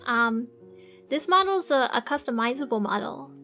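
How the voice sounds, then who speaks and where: A woman streamer chatting casually with viewers while she draws, soft-spoken and halting, with many fillers and little giggles. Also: sits high, lively intonation, soft background music. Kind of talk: casual live-stream chat. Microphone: desk microphone.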